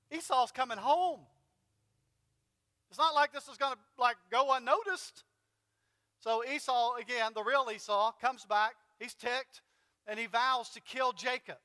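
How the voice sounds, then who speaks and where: Bright, clear-voiced preaching man. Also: sits high, fairly even intonation, moderate pace, in a large hall. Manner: conversational, dramatic retelling with fillers. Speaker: pastor. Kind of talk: sermon. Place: church sanctuary.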